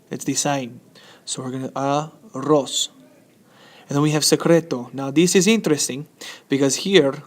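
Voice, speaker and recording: A man teaching a Spanish lesson from slides, upbeat and chatty, often checking in with "okay?". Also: on the high side.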